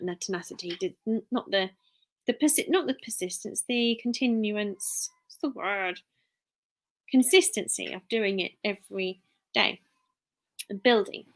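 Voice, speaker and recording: A woman chatting casually on a live stream, rambling and restarting sentences as she reads out viewer names. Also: medium pitch. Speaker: live streamer, work-from-home mum.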